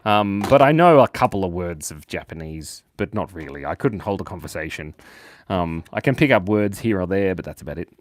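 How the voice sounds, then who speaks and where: With a deep, expressive voice and a brisk pace, a young Australian man runs a relaxed drawing livestream as host and cartoonist. He jokes, chats, reads viewers' messages aloud and laughs a lot, and there is no echo.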